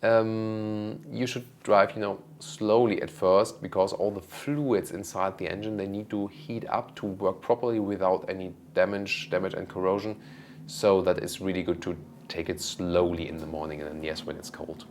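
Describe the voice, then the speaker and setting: A man, hosting a car channel and casually answering viewer questions, relaxed and thinking aloud with lots of ums. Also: sits low, moderate pace, a little hiss or hum. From Germany. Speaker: car review host.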